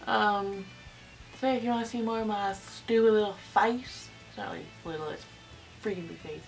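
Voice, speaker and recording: A woman's voice: medium pitch, moderate pace, vocal fry, recorded from a distance, faint music behind, poor audio. A teenage girl vlogging, telling a childhood story in a rambling, giggly way with many fillers. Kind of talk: casual storytelling.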